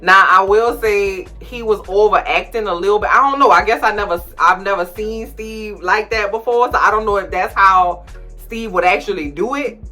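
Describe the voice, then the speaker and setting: A woman hosting a casual recap of a TV show. She talks with sass and laughter and breaks into loud outbursts. Her voice is bright over faint music. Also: medium pitch, normal speed.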